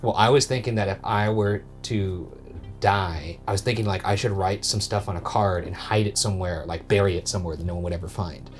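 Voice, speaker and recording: A man's voice: low voice, fairly quick, soft background music. An American man co-hosting a casual chat, telling stories and acting out the things people said to him. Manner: animated storyteller, acts out quoted exchanges. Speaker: co-host.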